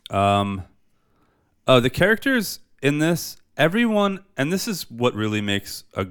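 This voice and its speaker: A man's voice: mid-range voice, big pitch swings, measured pace, fairly bright tone, clean tone. A man co-hosting a podcast, chatting casually and enthusiastically about movies, loose and profane with lots of fillers. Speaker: podcast co-host. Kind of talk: casual movie review chat.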